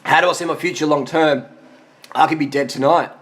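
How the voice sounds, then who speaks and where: A man's voice: on the high side, fairly even intonation, brisk, over music. A man of forty giving blunt, profane answers to viewer questions in a casual monologue, worn out after a long ride. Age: 40s.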